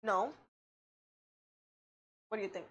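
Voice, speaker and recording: A woman's voice: medium pitch, slow, fairly bright tone, a little hiss or hum. A woman co-hosting a casual podcast, blunt and opinionated, reading social media posts aloud and reacting to them. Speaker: podcast co-host. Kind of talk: casual chat.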